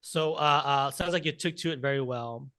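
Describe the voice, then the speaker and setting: A man's voice: fairly high pitch, moderate pace, sharp tone, no echo. A man hosting a podcast interview, asking questions with many hesitant fillers and supportive remarks. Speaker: podcast host. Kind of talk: casual interview.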